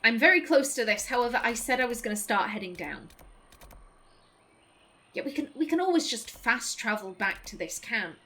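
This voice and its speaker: A woman's voice: on the high side, lively intonation, moderate pace, pushed and bright. A woman giving casual, chatty gameplay commentary as a let's play host, politely apologizing to game characters.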